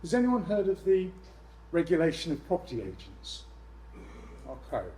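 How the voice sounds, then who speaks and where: A man presenting to a room of landlords, lively and jokey with exasperated asides. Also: on the high side, normal speed, poor audio. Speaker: letting agent speaking at a landlord event. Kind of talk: live seminar presentation.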